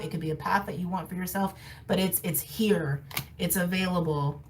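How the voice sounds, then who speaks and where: Far from the mic on a rough recording with slight background noise, a woman talks fast in a fairly low, darkish voice. She's giving a casual intuitive tarot reading to camera, blunt and emphatic, often laughing and repeating phrases for emphasis.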